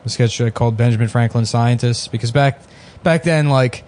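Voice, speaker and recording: A young man co-hosting a comedy podcast, riffing in crude, deadpan casual chat. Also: medium pitch, normal speed, a little hiss or hum. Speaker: podcast co-host.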